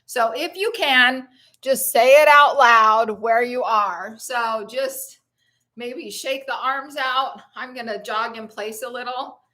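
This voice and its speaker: Middle-aged woman, high bright voice, hyped up n out of breath, cheering on her live stream. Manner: enthusiastic, cheering, laughing often. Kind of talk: upbeat motivational live chat.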